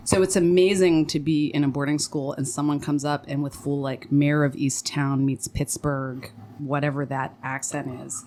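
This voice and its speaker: A woman's voice: low voice, moderate pace, a little hiss or hum. Chatty woman from central Pennsylvania. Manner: chatty, laughs often, animated storytelling. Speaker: guest. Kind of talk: casual interview chat.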